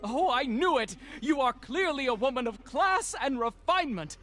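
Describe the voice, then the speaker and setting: Guy doing a squeaky excitable tailor, super theatrical and gushy, voice jumps all over. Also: moderate pace, faint music behind, heavily acted. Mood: gushing. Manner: gushing, theatrical. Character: flamboyant, excitable male tailor, fussy and gushing. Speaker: game streamer reading a character aloud.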